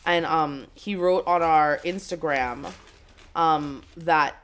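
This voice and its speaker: A woman's voice: sits low, slow pace. A woman co-hosting a podcast in casual chat, telling stories with lots of "like". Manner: chatty storyteller, lots of "like". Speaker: podcast co-host.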